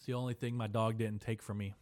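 A man's voice: on the low side, flat delivery, quick pace, a little mellow. A young man hosting a casual solo podcast, telling a rambling, profane story in a laid-back way. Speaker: podcast host. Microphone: camera mic.

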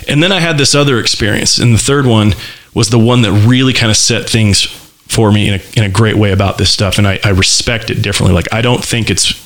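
A man's voice: lowish voice, quick pace. A man casually telling a personal story in conversation, candid and loose, with lots of fillers and restarts. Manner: vivid, animated description.

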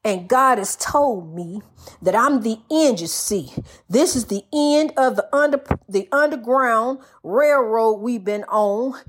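Woman, older, high-pitched, folksy preachy monologue, repetitive, spontaneous. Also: slow pace. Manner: folksy, repeats phrases, calls listener honey. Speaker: speaker giving spiritual advice.

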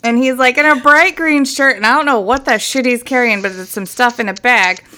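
A young woman co-hosts a podcast in a casual chat, telling stories, laughing a lot, and swearing freely. Her voice is on the high side and sharp-toned, and she talks fairly quickly.

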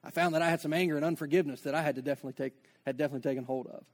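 A man's voice: fairly high pitch, steady tone, very fast. A man preaching a sermon as pastor, conversational, with joking asides and acted-out dialogue.

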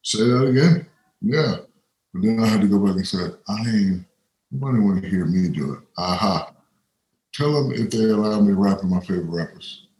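Brief: deep male guest spinning anecdotes, roomy echo. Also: brisk, a little mellow, slight background noise. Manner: rambling anecdotes with quoted voices. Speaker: interview guest. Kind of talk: casual storytelling.

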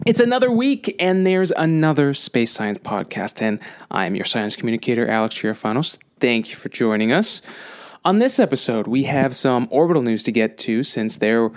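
A man's voice: mid-range voice, very animated, moderate pace. A man hosting his own science podcast, talking in an upbeat, conversational way and correcting himself now and then. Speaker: podcast host and science communicator.

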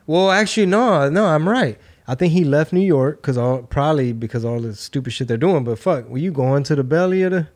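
A middle-aged man hosting a casual podcast chat, swearing freely and acting out the people in his stories with lively jumps in pitch. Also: brisk, few pauses. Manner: laid-back, swearing storyteller. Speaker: podcast host.

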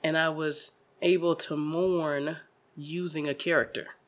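Woman, comedian, casual interview, animated storyteller, frequent laughter, lowish pitch. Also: a little slow. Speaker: comedian guest.

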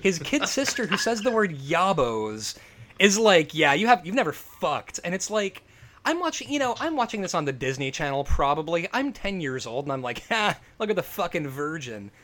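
A man with a fairly high, very lively voice rants about a film in casual, profane podcast chat. He tells the story with big, animated energy and keeps breaking into laughs. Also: moderate pace, slight background noise. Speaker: podcast co-host.

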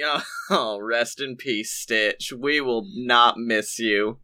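A man co-hosting a casual theme park podcast, excitable and quick to laugh, ranting with rising energy. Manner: excitable, laughs often, rants with rising pitch. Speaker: podcast co-host. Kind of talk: casual chat.

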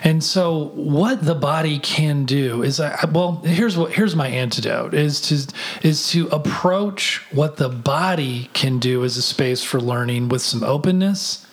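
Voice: medium pitch, a little slow. Earnest podcast co-host explaining ideas. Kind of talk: reflective podcast conversation.

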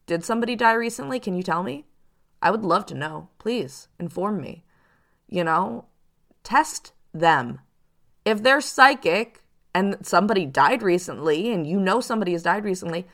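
Woman, low-ish voice, chatty, animated, casual advice talk, psychic host. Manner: chatty, animated, acts out quoted hustlers. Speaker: psychic reader and show host.

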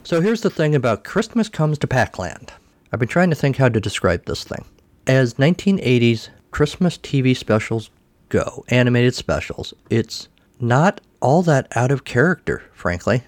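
A man's voice: mid-range voice, sing-song, moderate pace, no room sound. Dry-voiced man with wry asides. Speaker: podcast host. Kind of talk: casual recap of a cartoon special.

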